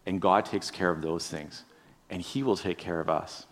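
A man's voice: low voice, normal speed. A man preaching a conversational sermon, musing aloud, asking the listeners rhetorical questions and often tagging on "right?". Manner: addresses listeners directly. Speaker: pastor.

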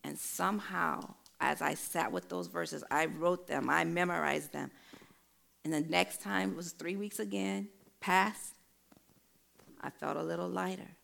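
A middle-aged woman delivering a sermon, weaving in her own story with earnest emphasis. Her voice sits low, with a gravelly fry at the edges of her phrases. She speaks like a storyteller pressing home a point. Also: fairly even intonation, a little slow, fairly bright tone. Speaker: preacher. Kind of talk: sermon with personal testimony.

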